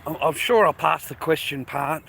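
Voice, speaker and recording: A weary, middle-aged Australian man talks straight into his phone while he walks outdoors, rambling and cursing as he calls his viewers mate and boys. His voice sits a little high and comes across forceful and bright. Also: moderate pace, creaky, slight background noise. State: tired. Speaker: vlogger. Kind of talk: casual rambling monologue to viewers. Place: outdoors, walking to a bus stop early in the morning.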